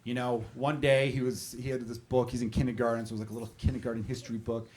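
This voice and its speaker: A man's voice: medium pitch, flat delivery, fast talker, a little mellow. A man in his thirties doing a stand-up routine on a comedy club stage, talking to the crowd in a conversational, profane way. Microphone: handheld stage mic. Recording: live club, audience laughing. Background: audience laughter.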